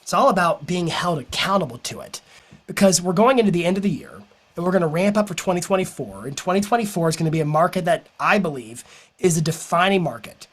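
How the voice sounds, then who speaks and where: A man who is a business coach, giving an energetic, persuasive motivational talk to a live audience and telling stories along the way. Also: high-pitched, quick pace.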